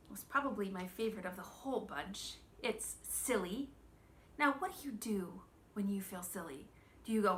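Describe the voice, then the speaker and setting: A woman in her thirties giving a children's church lesson, gentle and expressive, asking the children questions. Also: fairly high pitch, slight background noise.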